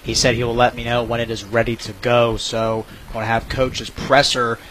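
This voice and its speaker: A man hosting a postgame football show, relaxed and agreeable, handing off to his reporters. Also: medium pitch, moderate pace, a little hiss or hum. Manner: relaxed, agreeable, echoes co-hosts. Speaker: show host. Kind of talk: postgame sports talk.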